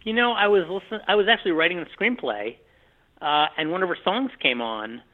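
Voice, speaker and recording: The voice is high-pitched and expressive: a film director talking fairly quickly about his work during a casual, conversational interview. He rambles with frequent fillers and restarts, and the recording sounds tinny, as if over a phone line.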